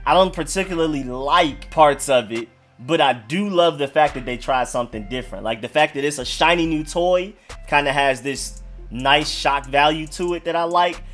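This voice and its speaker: A man's voice: a little high, moderate pace, fairly bright tone, soft background music. A man hosting his own sports video, giving casual, slangy commentary and thinking aloud with hedges and restarts. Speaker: sports fan video host.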